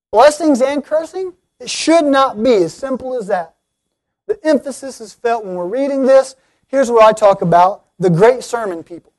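A man preaching an earnest sermon, speaking directly to his listeners and rising to emphatic appeals. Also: very high voice.

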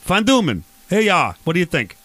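Male comedy host, quick, high voice, rambling, pushy, dry close sound. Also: very animated, a bit bright, no room sound. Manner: rambling, pushy, repeats himself. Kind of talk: improvised comedy banter.

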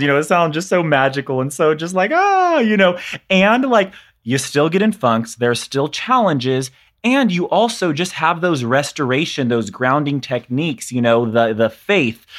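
A man at a middle pitch hosts a podcast conversation. He is enthusiastic and affirming, responding to his guest in a loose, conversational way. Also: fairly bright tone. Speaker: podcast host. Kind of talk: casual interview conversation.

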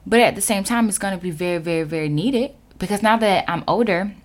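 A woman motivational speaker telling a personal story in a sassy, emphatic and animated way. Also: mid-range voice, fast talker.

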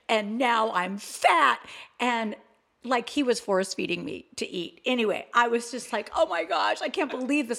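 A woman's voice: mid-range voice, a bit bright. Older woman telling her faith story. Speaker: Christian talk show co-host. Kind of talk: personal testimony in conversation.

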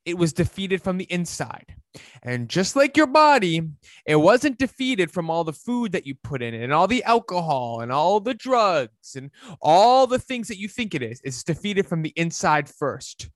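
A man, a fitness coach, giving an emphatic, preachy motivational talk that swings between loud and hushed. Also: sits high, big pitch swings, normal speed, dry recording, studio quality.

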